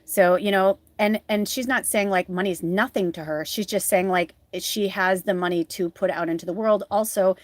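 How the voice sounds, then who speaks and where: During a live tarot reading, a tarot reader and spiritual medium chats and rambles with many fillers, earnest and encouraging toward viewers. Her mid-range voice moves at a moderate pace with few pauses, and the recording is dry.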